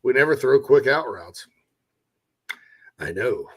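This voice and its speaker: A man's voice: mid-range voice, lively intonation, takes it slowly. A man from South Carolina hosting a casual sports talk show, joking and reading out audience comments. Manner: joking, chatty, reads out audience questions.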